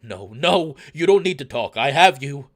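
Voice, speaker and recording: A man's voice: a little high, expressive, normal speed. A man voicing a desperate grieving wolf. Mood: pleading. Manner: loud, pleading, frantic reassurance.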